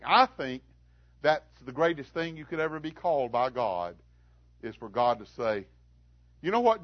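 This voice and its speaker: A man's voice: on the high side, no echo, highs cut off. Preacher man with swinging emphasis. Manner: preaching with swings from loud emphasis to hushed tones. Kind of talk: sermon.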